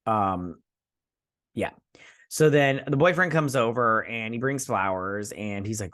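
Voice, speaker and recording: A man's voice: medium pitch, lively intonation, moderate pace, a bit bright. Rambling man recapping a TV episode. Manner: rambling, many fillers, acts out characters' lines. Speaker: host reviewing a TV episode.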